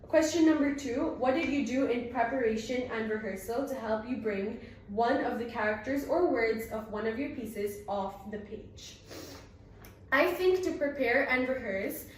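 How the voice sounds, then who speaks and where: A woman's voice: a little high, a little slow, a little hiss or hum. A teenage girl taking a drama exam, speaking earnestly with some ums as she reflects on her performance. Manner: earnest, rehearsed, with frequent ums. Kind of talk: exam recitation and spoken reflection. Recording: very echoey room, from a distance.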